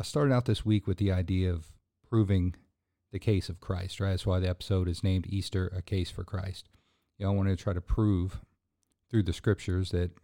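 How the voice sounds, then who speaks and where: Low, gravelly, and mellow, this man's voice carries a sermon-style podcast he hosts. He speaks earnestly and casually, filling gaps with fillers and restarts between points before rising into emphatic, preacherly bursts.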